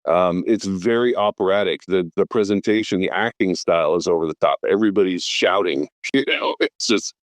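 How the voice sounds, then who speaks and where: A man's voice: low voice, a little fast, hardly any pauses, no room sound. Enthusiastic man in his fifties, dry sound. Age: 50s. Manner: enthusiastic, rattles off names and credits, frequent fillers. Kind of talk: casual film podcast chat.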